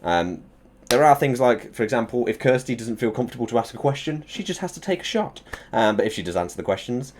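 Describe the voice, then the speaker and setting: A young man hosting a casual live stream, excitable and swearing as he hypes up his chat before an interview. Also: mid-range voice, quick pace, a little hiss or hum.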